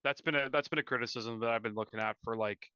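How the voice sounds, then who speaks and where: Man co-host, casual rambling hockey chat, bright and crisp, dry dull sound. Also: medium pitch, fast talker, dry recording. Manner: rambling, filler-heavy, self-correcting. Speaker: podcast co-host. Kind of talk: casual live-stream chat.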